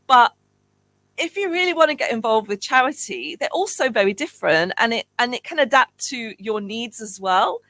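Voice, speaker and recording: A woman's voice: a little high, a bit bright, dry recording, low-quality recording. A woman hosting a community radio show, chatting casually with a guest and laughing easily.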